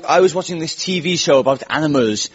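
A man hosting a comedy show tells dry, self-mocking stories in a stand-up monologue before a live audience. His voice is fairly high and fast, captured in a dull lo-fi live recording full of crowd noise and laughter.

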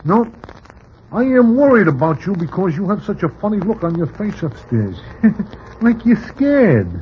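An actor playing a cool, menacing gambler who speaks in a stiff, formal way without contractions, in 1940s radio acting. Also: male voice, high voice, very animated, unhurried. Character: calm menacing gambler tough guy. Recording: dull old radio recording with hiss.

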